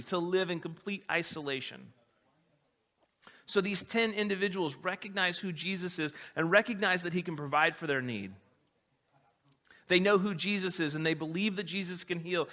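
High, bright-voiced preaching man. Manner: animated, conversational preaching. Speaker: pastor. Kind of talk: sermon.

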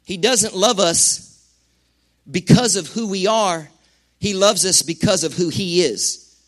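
High-voiced preacher. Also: male voice. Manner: animated preaching with quick acted-out asides. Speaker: pastor. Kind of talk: sermon. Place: church sanctuary.

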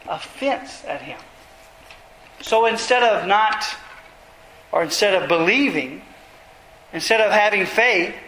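A man's voice: high-pitched, sharp tone, slight background noise. A man preaching an expository sermon, retelling scripture passages earnestly and pressing his points with emphasis. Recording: roomy echo.

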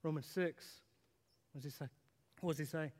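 A man preaching a sermon as a pastor, swinging from loud emphatic lines to low quiet ones and asking the congregation questions. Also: steady tone, normal speed, in a large hall. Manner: dramatic, rising and falling intensity, rhetorical questions.

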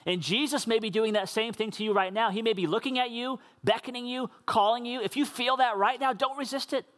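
A man's voice: very high voice, fairly quick, a bit bright. A man preaching a sermon in an earnest, conversational way, with casual asides to the congregation. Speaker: pastor.

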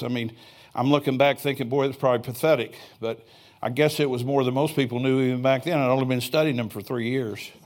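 An older man preaching a sermon in a church, telling stories in a folksy way with chuckling asides. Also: mid-range voice. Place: church sanctuary.

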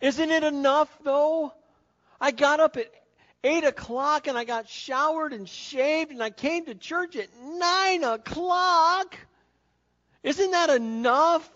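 Complacent churchgoer, put on by a male pastor, whiny and high, dull lo-fi sound. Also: slow pace, bright, forceful tone, heavily acted. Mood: defensive. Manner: whiny, rising, pleading questions.

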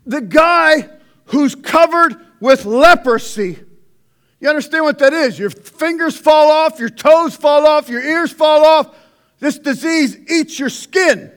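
A man preaching a conversational sermon, swinging between loud outbursts and hushed asides. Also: extremely high pitch, takes it slowly. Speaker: pastor.

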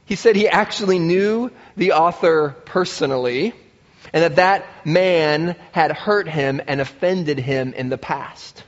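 A man with a high, bright voice delivers an animated sermon, slipping into the voices of the people he quotes. His words ring out through a big hall with a long reverb tail, and the sound is somewhat muffled. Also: a little slow. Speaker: pastor.

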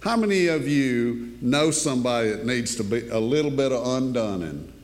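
A male pastor delivering a sermon in a conversational style, dropping into hushed asides and rising for emphasis. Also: medium pitch, animated, moderate pace. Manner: conversational preaching, swinging between hushed asides and raised emphasis. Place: church sanctuary. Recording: long hall reverb.

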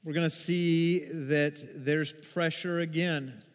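A man preaching a sermon as pastor, telling stories with animated acted-out voices. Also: fairly high pitch, takes it slowly. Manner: animated storytelling, acts out voices in quotes. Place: church sanctuary. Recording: long hall reverb.

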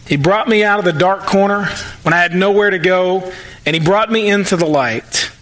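Bright-voiced, high-pitched preacher man. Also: poor audio. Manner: conversational preaching, acts out prayers in quick asides. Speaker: pastor. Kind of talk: sermon. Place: church.

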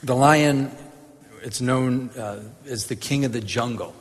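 A man teaching from the Bible in a casual, animated way, restarting his sentences and laughing at his own jokes. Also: mid-range voice, unhurried, in a large hall. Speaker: preacher.

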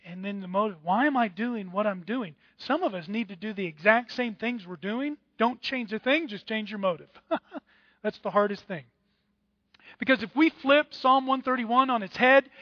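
Animated man preaching a sermon. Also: sits high, no room sound, highs cut off. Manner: animated preaching, acting out voices of others. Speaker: pastor.

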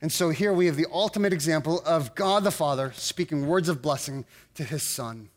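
A middle-aged male pastor preaching a sermon in an earnest, halting way, often restarting his sentences. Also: a little high.

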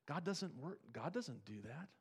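A man's voice: on the high side, very animated, unhurried, gravelly, breathy edge. Conversational male pastor preaching. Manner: conversational preaching with rhetorical questions and rising emphasis. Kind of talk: sermon.

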